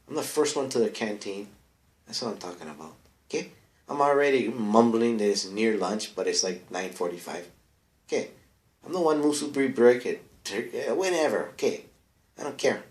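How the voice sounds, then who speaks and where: Male comic persona, low voice, rambling bro talk, roomy echo. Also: animated, moderate pace, a little mellow. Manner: rambling, bro-ish, trailing into mumbled asides. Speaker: comedic advice-show persona.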